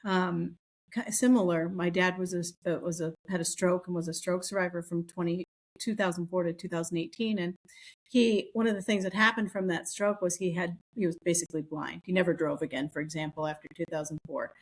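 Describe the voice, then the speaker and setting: Chatting casually as a podcast co-host, a middle-aged woman tells stories and acts out the voices of the people she quotes. Her voice sits on the low side, with fairly even intonation and a fairly quick pace.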